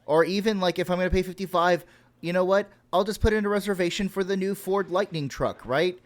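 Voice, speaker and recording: A man's voice: high-pitched, fairly quick. Ranting, profane podcast guy. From Texas. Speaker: podcast co-host. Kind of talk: casual podcast chat.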